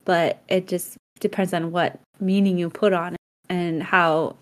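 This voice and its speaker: Female co-host with a lowish voice, lively storyteller who slips into quoted voices. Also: measured pace. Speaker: podcast co-host. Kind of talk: casual chat.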